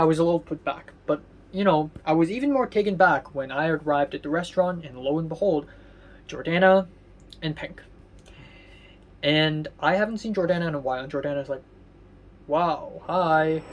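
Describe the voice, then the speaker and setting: A man recording a casual vlog diary at home, rambling and halting with lots of fillers and restarts, candid and a little sardonic. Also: a little high, slight background noise. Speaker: vlogger.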